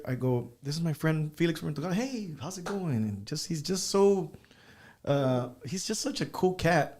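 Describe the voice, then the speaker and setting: A man sits in as an interview guest and spins casual stories with a voice of ordinary pitch. He slips Spanish phrases into his talk. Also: darkish tone, slight background noise. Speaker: musician guest.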